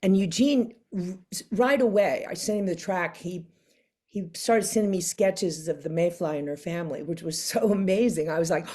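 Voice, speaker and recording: Older lady chatting in an interview, slightly low voice, animated, plays out the quotes, laughs a lot. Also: normal speed. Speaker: interview guest. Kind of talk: casual storytelling interview.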